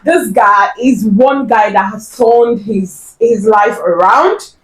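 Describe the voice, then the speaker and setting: A woman's voice: fairly high pitch, takes it slowly, noisy background. A woman with a Nigerian accent, hosting a cooking show and teasing her guest with playful laughter. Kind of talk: casual chat.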